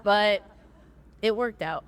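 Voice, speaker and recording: A woman's voice: medium pitch, takes it slowly. A woman in the audience at a fan panel, asking a nervous, rambling question.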